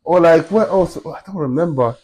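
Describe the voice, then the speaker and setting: A man's voice: fairly high pitch, brisk, a crowd in the background. A man hosting a podcast in casual chat, playful and full of slang, laughing often. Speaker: podcast host.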